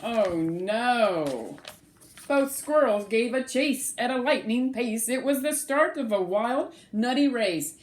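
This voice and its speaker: In an animated, sing-song voice on the high side, a woman slowly reads a rhyming picture book to children and stops to ask them questions.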